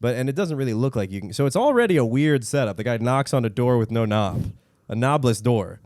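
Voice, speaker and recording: A young man co-hosting a podcast, telling funny stories in a casual, animated way and acting out other people's lines in exaggerated voices. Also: mid-range voice, fairly quick, no echo, clean studio sound. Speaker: podcast co-host. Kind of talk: casual comedic storytelling.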